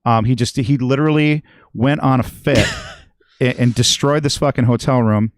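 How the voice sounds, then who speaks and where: A man's voice: mid-range voice, normal speed, no room sound, studio quality. A middle-aged man telling a long story on a podcast, rambling and swearing constantly. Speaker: guest musician and regular.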